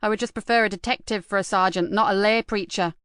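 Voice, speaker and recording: A woman's voice: mid-range voice, fairly even intonation, fast, a bit bright, clear, resonant tone, no echo, clean studio sound, lightly acted. A woman reading an audiobook, voicing a sarcastic, defiant female detective inspector with a raised, emphatic delivery. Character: hard-drinking, sardonic female detective inspector. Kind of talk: audiobook character voice.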